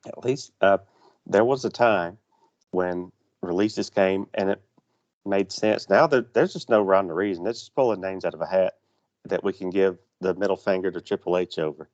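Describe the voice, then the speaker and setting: A man's voice: low voice, moderate pace, darkish tone. A man co-hosting a podcast, laid-back and agreeable, musing in a reflective way. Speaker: podcast co-host. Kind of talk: casual podcast chat. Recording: slightly dull lo-fi audio.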